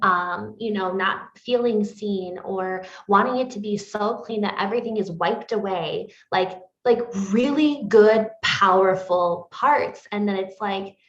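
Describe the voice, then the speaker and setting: A woman's voice: mid-range voice, a little slow, hardly any pauses. Woman co-host, rambling chat, roomy dull recording. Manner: rambling, full of "like" fillers. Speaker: podcast co-host. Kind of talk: casual book review chat.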